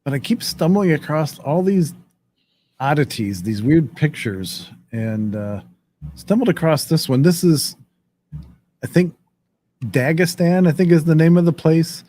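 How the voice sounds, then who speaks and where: A man's voice: fairly high pitch, lively intonation, measured pace, mellow, slight background noise. A man hosting a casual chat show, laid-back and joking, reading viewer comments. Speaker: podcast host.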